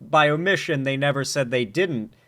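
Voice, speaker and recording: A man giving casual, animated commentary while reacting to news clips, urgent and joking by turns. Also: medium pitch, normal speed.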